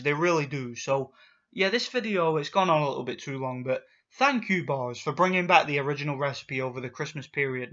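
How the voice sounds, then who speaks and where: A man's voice: a little high, brisk, a bit bright. Man with ranting indignantly. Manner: indignant ranting, stammering restarts. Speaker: vlogger. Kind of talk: ranting vlog commentary. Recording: dull lo-fi recording.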